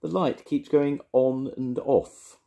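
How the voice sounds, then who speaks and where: A man's voice: medium pitch, steady tone, slow, gravelly, dark tone, pitched above the performer's own voice. A grandfather voicing a polite, earnest young bear in a storybook reading, with a raised, lighter voice. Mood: puzzled.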